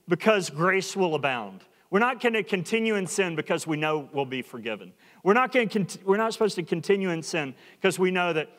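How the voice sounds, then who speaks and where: A man's voice: on the high side, a little fast, a bit bright, long reverb tail. A male pastor preaching a sermon earnestly, often repeating and restarting phrases for emphasis. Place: church sanctuary.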